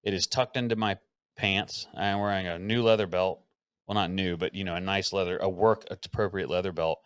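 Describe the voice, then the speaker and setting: A man hosting a podcast who tells a story in a casual, animated way, acting out the quotes and swearing freely. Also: deep voice, fairly quick, smooth, no room sound. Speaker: podcast host.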